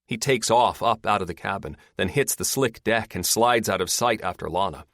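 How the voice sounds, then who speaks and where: This scripted audiobook narration comes from a man with a fairly low pitch who reads at an even, measured pace. The recording is studio quality and echo-free.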